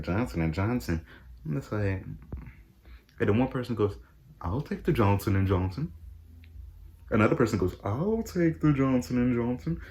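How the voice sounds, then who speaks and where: A young man tells a casual vlog story and acts out his own reactions, jumping into high-pitched exclamations. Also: a little mellow. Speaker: vlogger.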